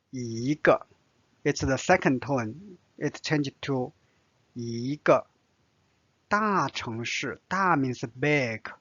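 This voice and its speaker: A man with a Chinese accent teaches a vocabulary lesson at a very slow, careful pace, repeating each word and pausing on fillers. His voice sits at an ordinary pitch. The recording is dry and slightly dull. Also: a bit bright, slightly rough, no echo. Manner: patient, repeats words, many "uh" fillers.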